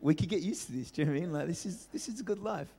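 A young man preaching as a pastor, telling a childhood story with lively acted-out voices and frequent laughter. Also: fairly high pitch, very fast, gravelly, breathy edge. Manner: animated storyteller, acts out voices, laughs often. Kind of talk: storytelling sermon. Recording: reverberant hall.

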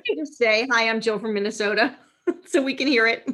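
A woman's voice: a little high, normal speed, fairly bright tone. A woman host from New York interviewing a guest, chatting easily, laughing often and reading passages aloud from the guest's book. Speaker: podcast host.

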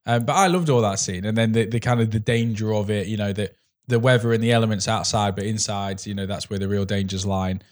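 Lower-voiced young man, eager. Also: fairly even intonation, fast talker, darkish tone. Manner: enthusiastic, rambling, says "mate" a lot. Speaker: podcast co-host. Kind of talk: casual chat.

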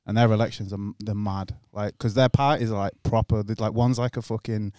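A young man with an English accent talks quickly and loosely, breaking into laughter as he tells his stories. The sound is dry and close, with no room around it. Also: fairly low pitch, steady tone, a little mellow, clean tone, dry recording. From England. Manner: rambling storyteller, laughs often, swears freely. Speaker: guest. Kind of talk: casual podcast chat. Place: podcast studio.

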